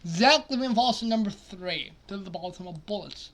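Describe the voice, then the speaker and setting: A man commenting casually on a basketball simulation, muttering quietly at times and then breaking into loud, excited outbursts. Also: sits high, moderate pace. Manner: excitable, swings from mumbled asides to loud outbursts. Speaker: simulation gaming streamer.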